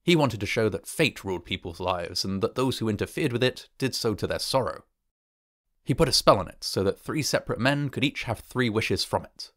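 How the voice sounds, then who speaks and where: A man reading the part of a solemn old sergeant major who speaks gruffly and gives grave warnings. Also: on the low side, expressive, a little fast, a bit bright, no room sound, studio quality.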